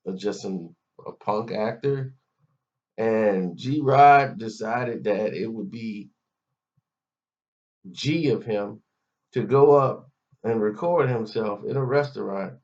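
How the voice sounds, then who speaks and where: Guy ranting, mocking and scolding, mid pitch voice, kinda dull lo-fi sound. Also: creaky. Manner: mocking, scolding, talks straight at the subject. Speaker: commentary vlogger. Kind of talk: ranting commentary. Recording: dull lo-fi audio.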